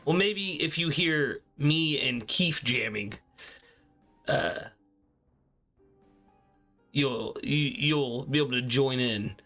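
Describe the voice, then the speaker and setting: A man playing in a tabletop role-playing game, talking in a lively, loose way. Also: medium pitch, slow pace, pauses often, soft background music. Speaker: player.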